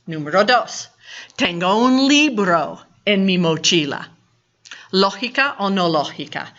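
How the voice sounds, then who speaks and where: A woman's voice: on the low side, fairly bright tone, highs cut off. A woman, teaching a recorded video language lesson in a chatty, step-by-step way. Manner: chatty, explains step by step, mixes English and Spanish. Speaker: Spanish teacher.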